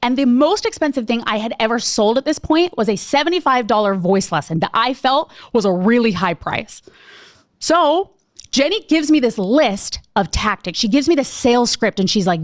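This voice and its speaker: High-pitched female coach, lively storyteller, dry close sound, acts out her reactions. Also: normal speed, no room sound. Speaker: sales coach presenting a webinar. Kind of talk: storytelling presentation.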